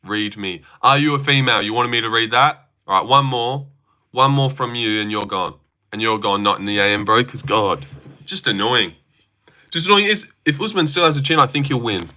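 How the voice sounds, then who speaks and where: A man's voice: mid-range voice, brisk, sharp tone. A young man on a live stream, reading and answering chat with sarcastic, argumentative, swear-filled talk.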